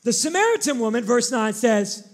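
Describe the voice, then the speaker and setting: A male pastor preaching a sermon, animated and emphatic, shifting into candid personal stories. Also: very high-pitched, normal speed.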